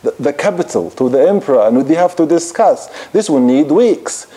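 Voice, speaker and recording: A proud old-time Persian general bargaining and coaxing, his voice pitched up a little and rounded and mellow, as a male lecturer acts him out. He sounds like a figure retold from the pulpit of a lecture, not a drama. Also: expressive, normal speed, natural voice. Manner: coaxing, offering bribes.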